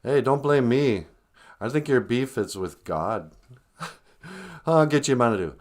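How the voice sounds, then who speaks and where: A man's voice: mid-range voice, lively intonation, a little slow, pauses often. A man hosting a casual livestream who tells jokey stories and acts out quotes. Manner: joking storyteller, acts out voices. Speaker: livestream host.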